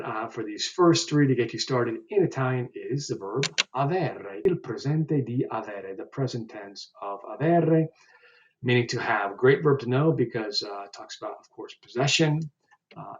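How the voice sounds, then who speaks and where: A man teaching a language lesson, carefully pronouncing example phrases slowly and explaining them with frequent fillers. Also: mid-range voice, muffled recording. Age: older than twenty, joking about it. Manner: slow, deliberate pronunciation of example phrases with uh fillers. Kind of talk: explaining vocabulary step by step.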